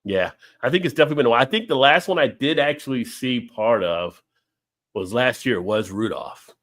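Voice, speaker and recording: On his live stream, a man with a mid-range voice talks a little fast while having drinks. His chat is casual and rambling, punctuated by frequent laughter as he animatedly tells stories.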